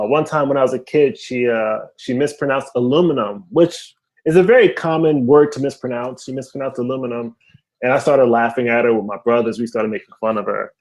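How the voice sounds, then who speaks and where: A young man doing a stand-up comedy set over a video call, telling animated stories and laughing at his own jokes. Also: medium pitch. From family from Haiti.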